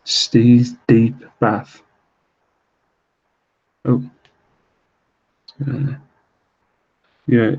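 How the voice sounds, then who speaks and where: A British man hosting a late-night live stream from home, talking quietly so he won't wake his kids, rambling casually with fillers and little laughs. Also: on the low side, muffled recording. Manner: rambling, with many fillers and self-deprecating laughs. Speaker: live stream host reselling items online. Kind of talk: casual live-stream chat while reading viewer comments.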